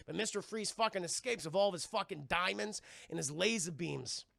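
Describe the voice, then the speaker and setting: A man streams a casual, profane scene-by-scene film recap and keeps talking to his chat as he rambles. His voice is fairly high, bright and gravelly, and the sound is dry and close. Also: fairly quick, no echo.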